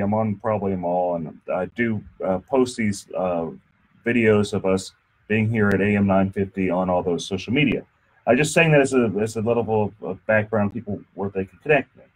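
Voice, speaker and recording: A man hosting a casual radio talk show, chatty and joking, with many fillers, speaking in a radio studio. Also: on the low side. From Texas. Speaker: radio show host and insurance attorney.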